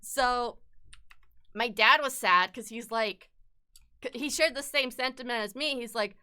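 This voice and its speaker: Young woman streamer, frank casual chat, smooth and sharp voice. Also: a little high, measured pace. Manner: candid and frank, swears freely; upset, close to tears at times.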